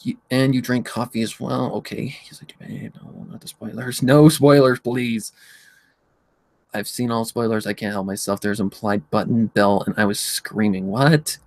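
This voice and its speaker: Guy rambling on his livestream, swears a lot, reads chat out loud, mid pitch, dry close mic. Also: steady tone, normal speed, no room sound. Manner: rambling, swears, reads chat aloud and hums while scrolling. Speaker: livestream host.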